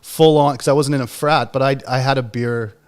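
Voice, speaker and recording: Thirtyish male host, casual and rambling, mid-pitched everyday voice. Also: steady tone, a little fast, smooth. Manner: rambling, full of fillers and restarts. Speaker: book club podcast host. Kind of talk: casual livestream discussion.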